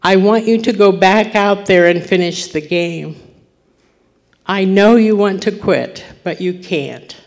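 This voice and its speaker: A woman playing a tender, hushed father. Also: medium pitch. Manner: hushed, slow, near-whispered. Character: tender loving father, grown man.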